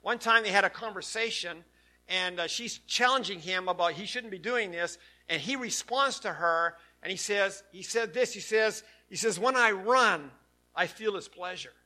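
A man preaching a sermon to his church, swinging from hushed lines to loud, emphatic ones. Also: high voice, normal speed. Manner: preaching with sudden swings between loud and soft. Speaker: pastor.

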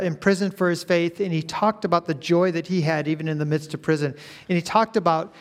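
A man preaching a sermon, moving from measured teaching to loud, rising emphasis. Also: fairly high pitch. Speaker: pastor.

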